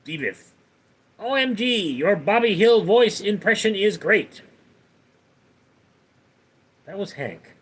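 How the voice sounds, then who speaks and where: A man's voice: sits high, expressive, takes it slowly, long pauses, breathy edge. A man hosting a casual livestream, reading viewer comments aloud and rambling with many fillers and restarts. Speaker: livestream host.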